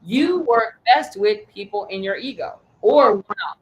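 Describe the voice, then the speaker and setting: A woman coaching a group in an animated, emphatic, blunt way, with the odd curse. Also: mid-range voice, measured pace, highs cut off. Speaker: sales coach. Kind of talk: coaching talk.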